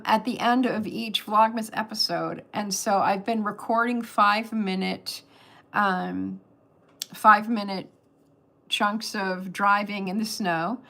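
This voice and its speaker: A woman's voice: mid-range voice, sharp tone. An older woman from California hosting a casual livestream, chatting in a rambling way and laughing often, into a webcam. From California, USA. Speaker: host of a livestream.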